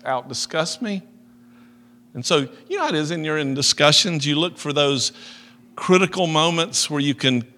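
A man preaching in a folksy, animated way. He tells personal stories and acts out both sides of a conversation. His voice carries a long echo, as if from a big hall. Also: medium pitch. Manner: animated, folksy storyteller who acts out dialogue and laughs at himself. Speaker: pastor.

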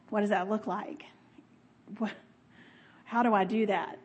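A middle-aged woman giving a conversational sermon, expressive, laughing often and talking with the audience. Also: medium pitch, measured pace, breathy edge, muffled recording. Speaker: speaker.

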